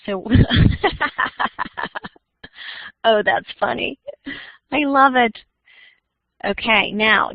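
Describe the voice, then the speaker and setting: A woman's voice: on the high side, no echo. A woman teacher running an online algebra class, chatty and laughing, with many fillers. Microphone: computer mic in online class. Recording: dull dry lo-fi computer audio.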